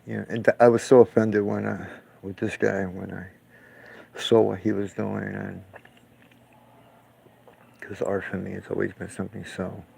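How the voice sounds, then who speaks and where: Gravelly low-voiced man ranting profanely. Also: little pitch movement, unhurried, long pauses, a little mellow, rough recording. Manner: profane, scornful, rambling. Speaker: painter. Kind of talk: casual ranting commentary while watching clips.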